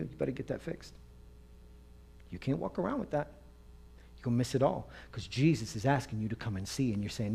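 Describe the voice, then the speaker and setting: A man preaching a lively sermon, acting out characters with playful energy. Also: medium pitch, quick pace, vocal fry, husky. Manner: animated, playful, acts out voices and laughs. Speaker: pastor.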